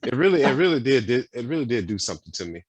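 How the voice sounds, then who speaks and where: A man's voice: mid-range voice, very animated, rapid-fire, breathy edge, no room sound. A man co-hosting a podcast, talking casually and earnestly, repeating himself with lots of fillers. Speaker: podcast co-host. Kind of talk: casual chat.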